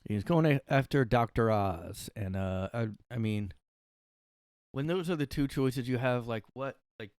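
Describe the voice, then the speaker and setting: A man's voice: mid-range voice, a little slow, a little mellow, no echo, studio quality. A man hosting a solo comedy podcast from his room, ranting in a rambling, profane, sarcastic way. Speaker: podcast host.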